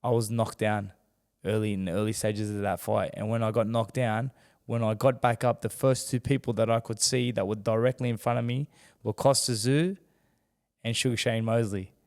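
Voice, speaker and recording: A man's voice: lowish voice, normal speed, clear, resonant tone, in a large hall. A man, a former boxer telling his story as a podcast guest and acting out the voices he quotes. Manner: animated, acts out quoted voices. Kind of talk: candid storytelling in a podcast interview.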